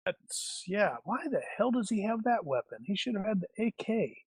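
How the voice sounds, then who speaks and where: A man's voice: sits high, sing-song, moderate pace, husky, dry recording. A man acting as game master for a tabletop action game, talking in a rambling way with many restarts.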